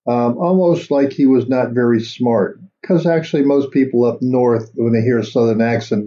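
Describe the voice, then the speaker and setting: A man hosts a political commentary show, speaking in a loose, rambling way. His voice is very dark and mellow, and the recording sounds dull and lo-fi. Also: medium pitch. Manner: rambling, unscripted, with fillers. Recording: dull lo-fi audio.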